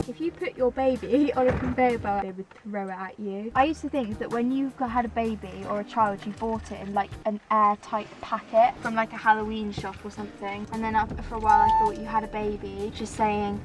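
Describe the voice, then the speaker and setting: Teenage girl, chatty, jokey, slightly high voice, casual vlog. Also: steady tone, moderate pace, distant mic, loud music behind the voice. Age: teens. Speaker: vlogger.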